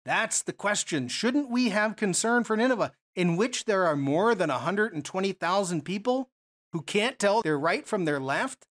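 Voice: mid-range voice, lively intonation, moderate pace. Preacher teaching a bible passage, chatty, lots of questions to the crowd, restarts a lot. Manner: conversational, many rhetorical questions and restarts.

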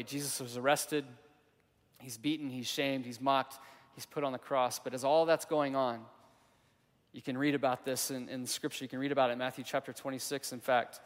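A man's voice: mid-range voice, steady tone, brisk. Man preaching in a big echoing hall. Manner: storytelling with acted-out quotes, swinging from loud to hushed. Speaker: pastor. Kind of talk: sermon.

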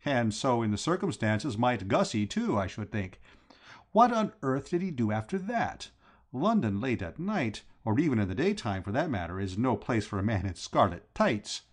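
A man reading a comic novel aloud as an audiobook narrator, with expressive character narration. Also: medium pitch, normal speed. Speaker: audiobook reader.

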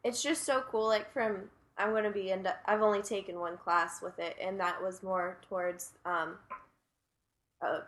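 A woman's voice: medium pitch, fairly even intonation, normal speed, a bit bright. A young woman, a student guest in a casual chat, talking eagerly and searching for words.

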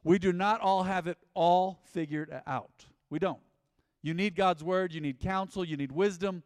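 A man's voice: high-pitched, a little slow, clean tone, no room sound, studio quality, big-room sound. A man preaching a sermon as pastor, emphatic, calling on the congregation to respond. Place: church sanctuary.

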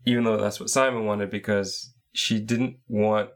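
A man's voice: lowish voice, fairly even intonation, normal speed. A man co-hosting a casual podcast, methodically recapping the scenes of a game. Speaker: podcast co-host.

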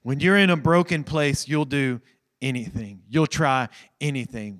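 A pastor preaching a sermon at a church service, moving from a hushed prayer to raised, pleading emphasis and repeating phrases to drive points home. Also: male voice, mid-range voice, measured pace.

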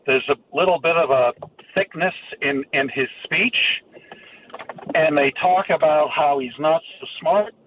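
A man, calling in to a radio show and speaking in an earnest, halting way. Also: on the high side. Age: 60s. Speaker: caller. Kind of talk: phone-in call. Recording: muffled phone line with faint noise.

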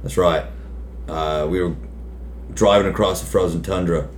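A man doing a deadpan Australian survivalist. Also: sits low, normal speed, roomy sound, a little hiss or hum, close to an everyday voice. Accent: put-on Australian. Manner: deadpan, laconic, full of Aussie slang. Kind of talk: improvised comedy interview in character.

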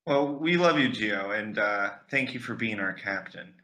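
Male co-host, sharp bright voice, roomy echo on the track; earnest, rambling and loose. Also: on the low side, animated, moderate pace. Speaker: podcast co-host. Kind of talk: comedic podcast banter. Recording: echoey room sound.

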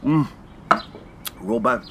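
A Canadian man hosting a podcast, telling a casual story with laughs and acting out quotes in jumpy high voices. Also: expressive, extremely slow, background noise. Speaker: podcast host.

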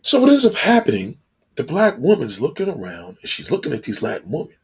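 A man delivering a blunt, profane monologue, animated and acting out the people he talks about. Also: a little high, brisk, husky.

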